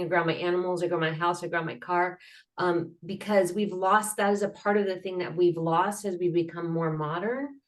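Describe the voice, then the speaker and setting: A woman guest speaking about healing in a casual interview, earnest and rambling, with frequent fillers and restarts, acting out sounds and laughter as she explains. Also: lowish voice. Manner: animated, acts out sounds and laughter. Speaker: guest, mental health advocate.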